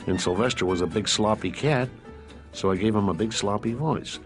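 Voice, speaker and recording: Low-voiced male voice actor telling stories. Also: moderate pace, soft background music. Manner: relaxed storytelling, chuckles often. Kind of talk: archival interview.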